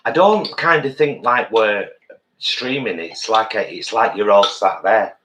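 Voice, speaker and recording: A man's voice: lowish voice, unhurried, fairly bright tone, a little hiss or hum. A man, chatting casually and jokily while eating on a live stream, with cutlery clinking behind him. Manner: playful, jokey, affectionate. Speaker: co-host.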